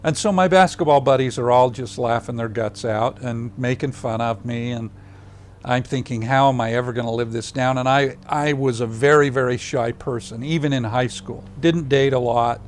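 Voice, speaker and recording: Older man, interview storyteller; animated, acts out other people's lines, sometimes drops to a hush; mid-range voice, close mic, faint room hum. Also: mid-range voice, normal speed. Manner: drops to a hushed, soft voice for tender moments. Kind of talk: personal storytelling.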